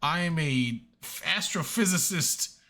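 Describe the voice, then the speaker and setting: A man in casual gaming chat on a voice call, scattered and quick to laugh at himself. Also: a little high, lively intonation, sharp tone. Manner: scattered, self-mocking, laughs often. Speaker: podcast co-host.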